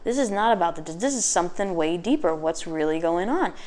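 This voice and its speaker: A woman's voice: lowish voice, lively intonation, a little mellow. Chatty, sassy woman tarot reader. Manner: chatty, sassy, swears freely, acts out quick asides. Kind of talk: casual tarot reading.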